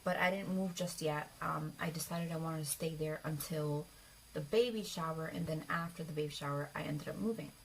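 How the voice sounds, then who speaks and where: A woman's voice: deep voice, fairly quick, creaky, slight background noise, low-quality recording. A young adult woman vlogger telling a personal story in a casual, rambling way. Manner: chatty, rambling, with fillers and acted quotes.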